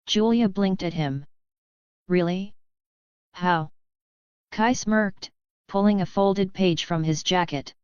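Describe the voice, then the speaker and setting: A woman narrating a webnovel audiobook in an even, measured reading. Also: medium pitch, clean tone, no room sound, highs cut off.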